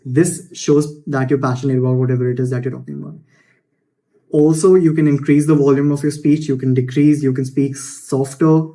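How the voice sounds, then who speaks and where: A man's voice: medium pitch, steady tone, fairly quick, warm tone. A young man giving unscripted self-improvement advice, blunt and loose, with casual swearing and frequent restarts.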